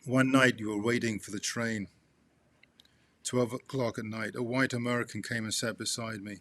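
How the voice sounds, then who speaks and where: A man reading a memoir aloud to his father, halting with restarts and turning asides to the listener as "you". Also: mid-range voice, fairly even intonation, a bit bright, a little hiss or hum.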